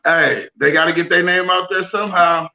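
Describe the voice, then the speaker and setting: A man's voice: high-pitched, steady tone, moderate pace, vocal fry, pushed and bright. A man hosting a podcast in casual chat, talking in an emphatic, preachy and profane way. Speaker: podcast host. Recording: dull lo-fi sound.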